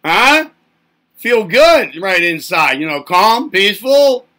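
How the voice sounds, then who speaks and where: A man's voice: high voice, big pitch swings, takes it slowly, pushed and bright. A man hosting a self-help channel, speaking in a playful monologue to camera as if to babies. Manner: teasing, talks as if to babies.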